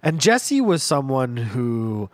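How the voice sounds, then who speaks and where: A man hosting a podcast, telling a comedic story in a profane, animated way and laughing along. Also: mid-range voice, slow pace, dry recording. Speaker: podcast host.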